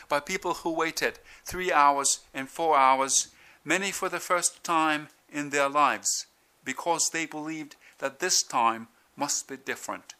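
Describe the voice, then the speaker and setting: A man doing a put-on British accent while voicing a male president giving a victory speech, in slow and deliberate oratory. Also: a little high, bright, forceful tone, clear, resonant tone. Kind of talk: speech impression.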